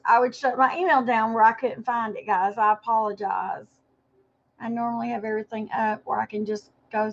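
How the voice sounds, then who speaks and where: A woman chatting on a livestream, rambling and apologetic as she talks to viewers by name. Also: a little high. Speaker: livestream host. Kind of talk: casual livestream chat. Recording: dull lo-fi livestream audio.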